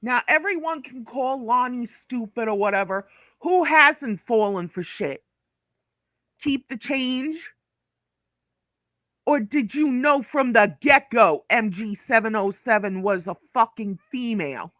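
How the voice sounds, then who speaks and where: A woman's voice: a little high, lively intonation, slow pace, fairly bright tone, no room sound, clean studio sound. A woman from Brooklyn, ranting on a commentary vlog, blunt, profane and scolding. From Brooklyn, New York. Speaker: vlogger.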